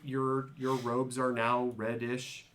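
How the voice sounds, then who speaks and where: A man at a game table, narrating as game master in an unhurried, halting way. He repeats words and leans on fillers as he thinks aloud. His pitch sits at an ordinary middle level. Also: monotone, fairly bright tone.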